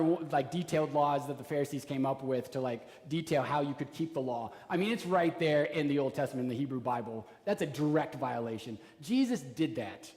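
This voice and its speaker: A man delivers a sermon with an animated, chatty style, slipping into playful acted-out voices. His voice sits high and swings widely in pitch. The church around him adds a roomy, lingering echo. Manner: animated, conversational preaching with acted-out quotes. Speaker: pastor. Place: church sanctuary.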